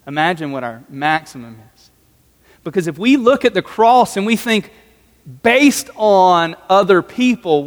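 Pastor guy giving a chatty sermon, pretty high voice, long reverb like a big church hall. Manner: conversational, with jokey asides.

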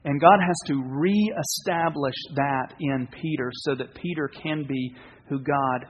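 A man preaching a sermon as pastor, earnest and conversational, with pauses and restarts. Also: medium pitch, slightly rough. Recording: dull, reverberant hall sound.

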